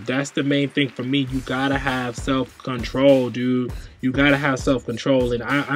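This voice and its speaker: A man's voice: a little high, fairly bright tone. A young man hosting his own vlog, ranting casually to camera, agitated and rambling, often repeating himself. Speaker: vlogger host.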